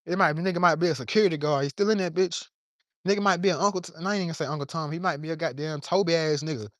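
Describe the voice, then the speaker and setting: A man's voice: fairly high pitch, rapid-fire, fairly bright tone, no echo, clean studio sound. A man giving an impassioned, profane monologue to camera from his yard, preaching in plain street talk while a little under the weather. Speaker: vlogger.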